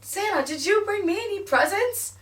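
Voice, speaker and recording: A woman voicing an eager little boy while retelling a sitcom scene, in a high, bright child's voice. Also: animated, normal speed, recorded from a distance.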